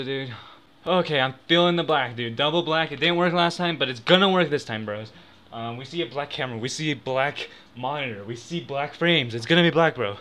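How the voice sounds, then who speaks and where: A gaming YouTuber, an excitable young man, gives casual gambling commentary into his desk microphone in a room at home. His medium-pitched voice is bright and forceful at a moderate pace, swinging from mutters to yells as he places bets and cheers.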